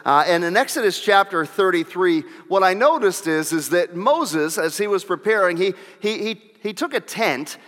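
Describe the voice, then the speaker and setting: A man's voice: high voice, animated, normal speed, hardly any pauses, fairly bright tone. A pastor preaching a sermon, a man who presses his points with repeated phrases and rhetorical questions. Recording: long reverb of a large hall.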